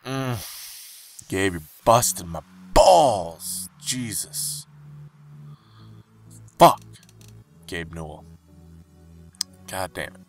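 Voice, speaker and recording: Young man, low voice, gaming commentary, frustrated, pleading, faint game music behind. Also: takes it slowly, pauses often. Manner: frustrated, pleading, swings into high-pitched outbursts. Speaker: gaming YouTuber. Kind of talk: game case-opening commentary.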